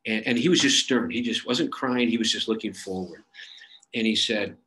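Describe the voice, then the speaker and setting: A man's voice: lowish voice, moderate pace, a bit bright, rough recording. A man answering audience questions in a webinar, speaking earnestly, with frequent fillers and restarts. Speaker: suicide prevention expert answering audience questions. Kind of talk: webinar Q&A, conversational.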